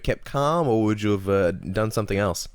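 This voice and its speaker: A man's voice: fairly low pitch, animated, normal speed, no room sound, studio quality. A man hosting a radio show and asking an interview guest questions.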